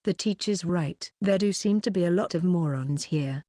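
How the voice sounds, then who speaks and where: Audiobook: woman reading a pompous, smug schoolboy in a low, mellow voice. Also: moderate pace, dry recording, clean studio sound, close to an everyday voice. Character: arrogant vain teenage schoolboy.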